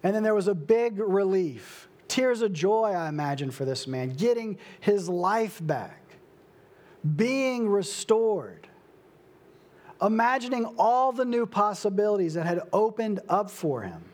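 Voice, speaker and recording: Slow, high-voiced young man preaching. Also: very animated, darkish tone. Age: young adult. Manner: slow, emphatic preaching with dramatic pauses. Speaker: pastor. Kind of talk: sermon.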